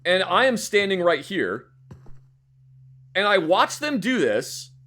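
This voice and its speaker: A man streaming a game, telling a story in a casual, animated way, acting out the scene, swearing and repeating words. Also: high voice, slow pace.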